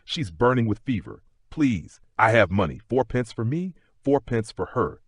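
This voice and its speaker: A man's voice: mid-range voice, big pitch swings, normal speed, slightly rough, dry recording, voice pushed up. Frantic poor mother, ragged pleading, read by a man. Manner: ragged, cracking with desperation.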